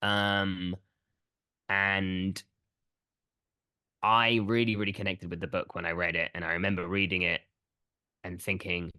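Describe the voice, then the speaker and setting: A man co-hosting a casual film podcast, talking in a relaxed, rambling way with many fillers. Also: sits low, unhurried, pauses often, clean tone, no room sound, studio quality. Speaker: podcast co-host.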